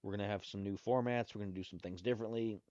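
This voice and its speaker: A man's voice: lowish voice, steady tone, racing, warm tone, dry recording. A man hosting his own podcast, talking casually and rambling loosely. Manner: loose and rambling, with restarts and asides. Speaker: podcast host. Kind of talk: casual solo podcast talk. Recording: dry, dull lo-fi sound.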